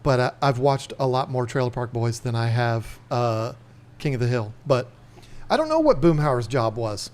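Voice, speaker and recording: Laughing frequently and dropping into character voices, a podcast host from Northern Virginia tells stories with animation during a casual livestream chat. He talks at a moderate pace in a mid-range voice.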